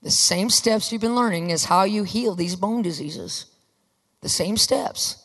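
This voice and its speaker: A woman preaching a sermon with fervor, often rising to emphatic shouts. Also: medium pitch, measured pace. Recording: long reverb of a large hall.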